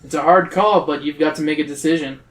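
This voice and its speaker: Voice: mid-range voice, fast. A podcast host casually reading a gamebook aloud, cracking jokes and swearing freely. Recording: roomy echo.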